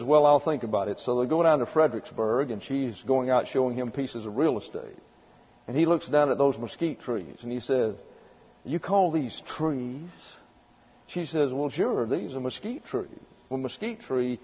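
A man with a husky, mid-range voice delivers a Bible teaching sermon in a folksy, storytelling style, spelling out words as he explains them. The lo-fi recording sounds dull, with long hall reverb.

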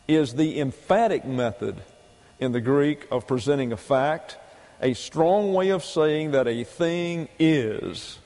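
A man's voice: medium pitch, mellow. A man preaching a doctrinal sermon, explaining Greek grammar point by point and repeating key phrases for emphasis. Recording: long hall reverb.

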